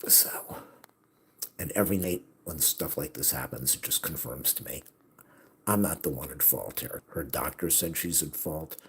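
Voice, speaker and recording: A middle-aged man with an extremely low, deep voice pours out a bitter personal monologue. He swings between hushed, weary mutters and sudden agitated outbursts. A faint hiss sits under his voice. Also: normal speed. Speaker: vlogger. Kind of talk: venting monologue.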